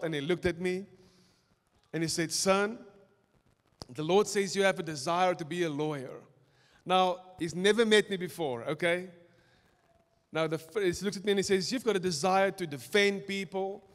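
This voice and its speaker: A young South African man preaching a sermon, telling his own story in an animated way that swings between loud and soft. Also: sits high, moderate pace. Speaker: pastor. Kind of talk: sermon with personal testimony. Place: church auditorium. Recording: reverberant church hall.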